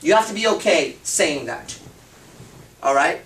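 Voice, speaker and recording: A man's voice: a little high, big pitch swings, a little slow, fairly bright tone, distant mic. A man giving a live seminar talk to an audience, blunt and emphatic, swearing freely. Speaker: seminar speaker. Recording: roomy hall, speaker off-mic.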